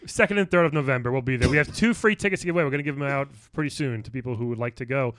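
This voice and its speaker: A man's voice: mid-range voice, racing, fairly bright tone, dry recording. A man co-hosting a comedy podcast, loose and rambling, tripping over restarts as he jokes. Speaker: podcast co-host. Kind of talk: casual comedy podcast banter.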